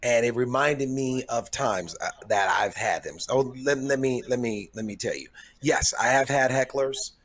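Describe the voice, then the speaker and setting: A man's voice: medium pitch, moderate pace, a bit bright. A middle-aged man, a comedian guesting on a podcast, telling stories thoughtfully and repeating words as he gathers his thoughts. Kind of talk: casual chat, storytelling.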